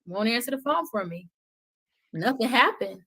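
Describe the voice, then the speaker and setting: Passionate middle-aged woman, preaching softly. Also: a little high, animated, normal speed, slightly rough. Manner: impassioned, preachy, drops to soft intensity. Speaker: podcast guest. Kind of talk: passionate conversational talk.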